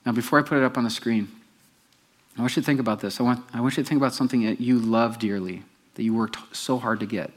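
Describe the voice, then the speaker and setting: A man's voice: mid-range voice, quick pace. A male pastor giving a conversational sermon, often putting questions to the congregation.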